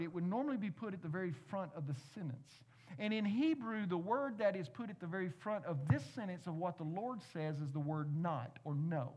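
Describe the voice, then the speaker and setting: A man, a pastor, giving a conversational sermon, asking the congregation questions with playful asides. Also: sits high.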